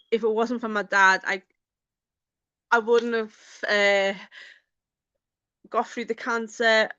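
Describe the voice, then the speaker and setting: A woman vlogging in casual chat, talking in a halting, hesitant way with many fillers. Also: on the high side, pushed and bright, clear, resonant tone, no room sound, lo-fi sound.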